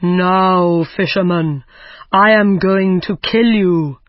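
A threatening giant, read aloud by a storyteller in a learners' audiobook. He speaks slowly and loudly, with middling pitch. The sound is dry and dull, like a lo-fi recording. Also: no echo, natural voice. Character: angry male giant freed from a jar. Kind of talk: simple audiobook reading for learners.

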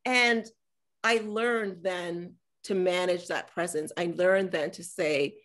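A woman in her forties, an author talking on a panel over a video call, animated and acting out the voices in her stories. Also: fairly low pitch, slow. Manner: animated storyteller acting out dialogue. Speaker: author and former politician. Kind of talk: conversational talk on a panel.

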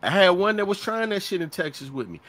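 A man's voice: high voice, sing-song, fast, a bit bright. Middle-aged guy cussing and telling stories on a podcast, acts out what people said. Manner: profane, storytelling, acts out quotes. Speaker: podcast co-host. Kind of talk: casual chat.

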